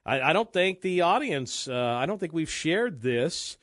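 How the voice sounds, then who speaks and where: A man hosting a talk radio show in casual banter, chatty, with halting restarts and frequent laughs. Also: a little high, big pitch swings, fairly bright tone, dry recording, studio quality.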